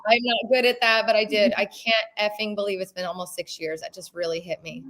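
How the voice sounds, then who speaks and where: A woman's voice: mid-range voice, fairly even intonation, fairly quick, a bit bright. A woman who hosts a real estate show, chatting casually and emotionally, with the odd swear word. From Las Vegas. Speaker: real estate agent and host. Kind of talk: casual chat.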